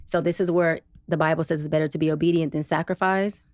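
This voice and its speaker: A woman guest on a podcast, a psychologist and TV producer, telling a personal story in a casual, expressive way with slang. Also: fast, no room sound, clean studio sound. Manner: expressive, casual and slangy, acts out quotes with big pitch jumps. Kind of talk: animated personal storytelling in an interview.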